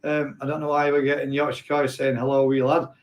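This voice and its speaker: A man's voice: medium pitch, little pitch movement, fairly quick, a little hiss or hum. A man hosting a casual live stream, chatting and reading out viewer comments in a rambling, self-correcting way. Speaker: host.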